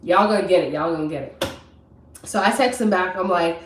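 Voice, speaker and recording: A young woman telling a personal story on a live stream, chatty and animated, talking straight to her viewers from her kitchen. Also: lowish voice, fairly quick, far from the mic, background noise. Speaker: vlogger. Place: home kitchen. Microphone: camera mic at a distance. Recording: roomy, from off mic.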